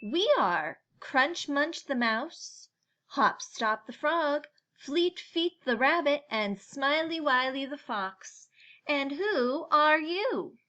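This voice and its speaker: A woman voicing a group of small, timid woodland animals answering in a slow sing-song in a storybook reading. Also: high-pitched, animated, pushed and bright, pitched above the performer's own voice, full character voice.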